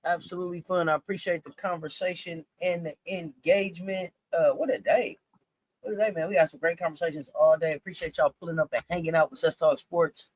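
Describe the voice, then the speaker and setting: A woman hosting a casual sports talk stream, animated and incredulous, repeating herself as she talks. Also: on the low side, fairly quick, husky. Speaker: sports talk show host.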